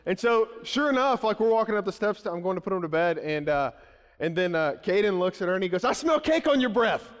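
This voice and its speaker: A man's voice: high-pitched, fast talker, clean tone, big-room sound. A male pastor in his thirties, preaching a conversational sermon full of anecdotes and restarts. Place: church sanctuary.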